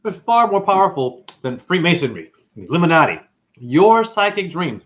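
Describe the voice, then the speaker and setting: This livestream host has a fairly high voice and talks at normal speed. Excitable and loose, he swears freely, answers comments, and drifts from story to story.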